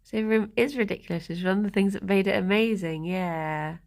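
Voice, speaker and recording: Girl chatting away on a stream, bit of vocal fry, rambly. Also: mid-range voice, a little fast. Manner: chatty and rambling, greets chat, laughs often; talks softly to her rabbits, sometimes whispering. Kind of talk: casual live-stream chat.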